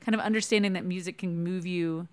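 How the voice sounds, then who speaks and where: A woman's voice: fairly low pitch, fairly even intonation, fast talker, darkish tone. A woman hosting a casual interview who asks curious follow-up questions. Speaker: podcast host.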